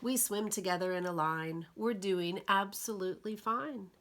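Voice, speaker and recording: A woman librarian reading picture books aloud to young children, gentle and expressive. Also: medium pitch, normal speed. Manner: gentle, expressive storyteller for toddlers.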